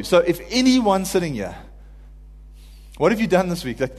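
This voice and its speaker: Earnest male preacher, informal sermon, a bit high-pitched, echoing church hall. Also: big pitch swings, moderate pace, a little mellow. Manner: earnest, builds to pleading cries when quoting.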